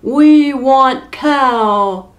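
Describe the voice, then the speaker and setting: A woman voicing a clumsy, greedy giant man who shouts blunt demands in a storybook reading. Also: a little high, extremely slow. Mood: shouting.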